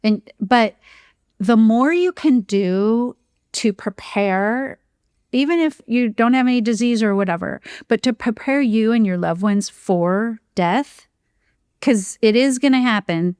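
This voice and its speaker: A woman's voice: on the high side, a little slow, a little mellow, clean tone, dry recording, clean studio sound. A woman speaking as a grief coach guest on a podcast, earnest and emphatic, laughing easily. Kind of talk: podcast interview conversation.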